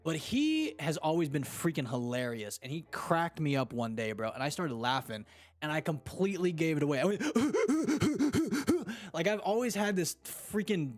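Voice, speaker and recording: Slangy, animated podcast host man. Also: on the high side, fairly quick. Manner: slangy and animated, fond of "dude" and "freaking". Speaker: podcast host reading live chat. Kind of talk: casual chat.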